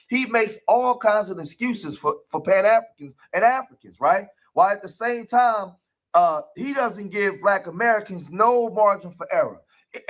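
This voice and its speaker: Man, high voice, casual commentary, rambling, filler-heavy. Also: a bit bright, poor audio.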